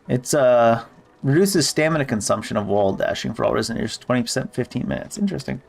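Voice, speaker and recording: Gravelly laid-back gamer guy. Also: medium pitch, lively intonation, fast talker, faint music behind. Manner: laid-back, swears casually, reads game text aloud. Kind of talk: casual gameplay commentary.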